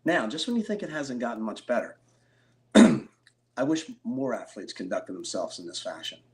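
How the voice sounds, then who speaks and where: A middle-aged man from Philadelphia, a card collector and interview guest, telling stories with excited bursts. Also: medium pitch, moderate pace. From Philadelphia, USA. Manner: animated storyteller, excitable bursts. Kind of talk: storytelling interview.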